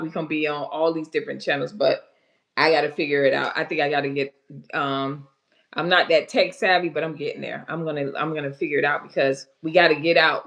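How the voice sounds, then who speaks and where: A woman hosting a casual livestream, chatting straight to her viewers with folksy asides and haltingly reading out health facts between comments. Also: deep voice, a bit bright. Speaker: livestream host.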